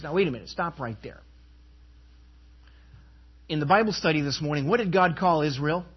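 A man preaching a sermon in a slightly raised, husky voice. He leans hard on key phrases and throws questions out to the congregation. The recording sounds dull and lo-fi. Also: a little high, lively intonation, normal speed, long pauses. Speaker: pastor.

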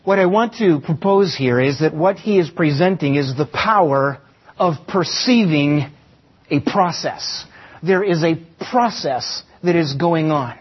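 A man's voice: a little high, expressive, a little slow, husky. A man preaching a sermon to a congregation in church, asking them rhetorical questions and repeating key phrases for emphasis. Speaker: pastor. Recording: dull lo-fi sound.

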